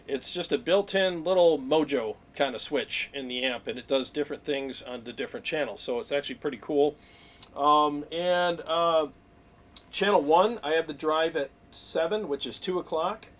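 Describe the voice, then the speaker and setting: A man hosting a weekly livestream, talking in an excitable, rambling way and greeting viewers by name. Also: medium pitch. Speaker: livestream host. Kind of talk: casual livestream chat.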